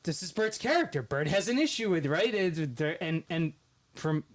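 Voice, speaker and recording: A man's voice: on the high side, animated, moderate pace, a crowd in the background. A man hosting a podcast, chatting casually and retelling a story, acting out the voices of people he quotes. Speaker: podcast host.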